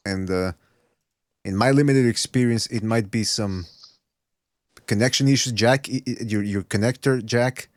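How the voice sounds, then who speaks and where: A man's voice: lowish voice, measured pace, long pauses, no echo, studio quality. A man hosting a podcast in loose, profane, joking banter. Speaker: podcast host.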